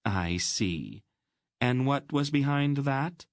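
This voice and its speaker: A man voicing a stern, sharp-tongued sorceress aunt in an audiobook, cold and commanding. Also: medium pitch, lively intonation, slow pace, no room sound, studio quality, pitched above the performer's own voice. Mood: stern, icy. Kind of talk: audiobook character voice.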